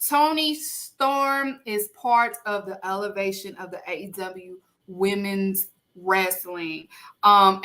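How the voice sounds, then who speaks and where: A woman's voice: medium pitch, pushed and bright. A woman co-hosting a casual podcast, reading out award winners with playful, emphatic announcing.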